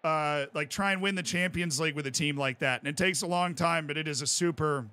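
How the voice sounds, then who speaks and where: A man in his twenties with an American accent, chatting casually on a live stream as he plays a game and reads out chat, bursting into excited yells. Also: on the high side, a little fast, smooth. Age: 20s. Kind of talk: casual live-stream commentary while gaming.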